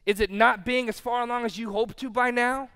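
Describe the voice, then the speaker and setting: A pastor delivering a sermon who swings from loud declarations to hushed lines and acts out listeners' reactions. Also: male voice, extremely high pitch, steady tone, brisk, clean tone.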